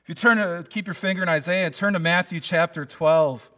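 A man's voice: high-pitched, a little fast, a bit bright. A man preaching a sermon in an earnest, conversational way, often restarting his phrases. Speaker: pastor.

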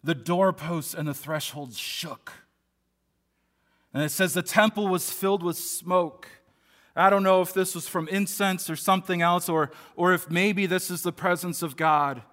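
Male pastor, fairly high, bright tone, earnest conversational sermon. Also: steady tone, measured pace. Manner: earnest, conversational preaching with frequent restarts.

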